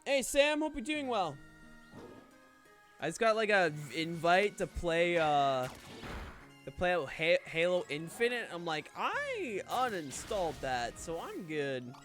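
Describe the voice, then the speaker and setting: A man's voice: high-pitched, expressive, a little slow, pauses often, a bit bright, faint music behind. A man streaming a game and chatting casually, rambling with frequent swearing and restarts. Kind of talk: casual chat while gaming.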